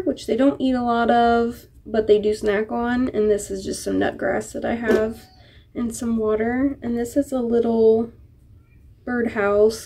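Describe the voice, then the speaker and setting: Slow, soft-cooing woman vlogger. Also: medium pitch, gravelly. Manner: coos in soft baby talk to her pets. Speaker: pet-keeping vlogger. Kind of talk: casual vlog chat.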